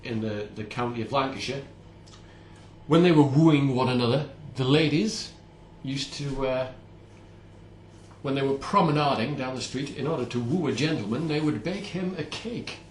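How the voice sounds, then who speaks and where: A home baker vlogger speaks at normal speed with a medium-pitched voice, chatting casually and playfully mocking himself as he bakes. The kitchen sounds roomy, and there's a little hiss or hum.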